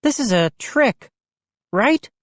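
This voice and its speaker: A woman plays a hulking neighborhood bully boy in a storybook reading, his voice pitched up high and jeering as he sneers and threatens. the lines swing up and down with lively, bouncing pitch. the sound is close and dry. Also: slow pace, no echo. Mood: threatening. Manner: taunting, threatening.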